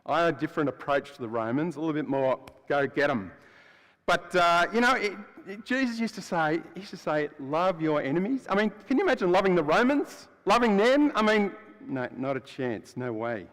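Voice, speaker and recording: Taking on the role of Barabbas, a rough, blunt man released from prison, a preacher tells the story as himself during a church sermon. His high-leaning voice swings widely in pitch at a slightly fast pace, alternating between loud and hushed in a chatty way, all under long church reverb.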